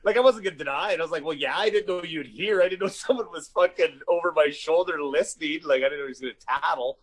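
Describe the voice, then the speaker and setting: A man from Canada, a comedian telling rough stories in loose podcast chat. His voice sits a little high and sounds husky. He swears freely and jumps into the voices of the people in his tales. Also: fast. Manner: animated, swearing, acts out quotes. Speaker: comedian guest. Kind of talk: casual storytelling.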